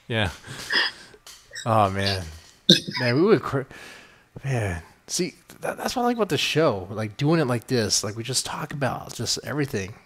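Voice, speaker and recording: A man's voice: medium pitch, very animated, unhurried, a bit bright, breathy edge. A man hosting a podcast in loose, rambling chat, swearing freely and stacking fillers. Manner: rambling, profane, many fillers. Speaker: podcast host.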